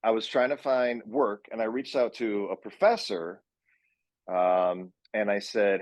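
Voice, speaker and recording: Low-voiced man telling long anecdotes. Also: steady tone, measured pace, no room sound. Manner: rambling anecdotal storytelling. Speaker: guest, actor and session director. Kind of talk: casual chat.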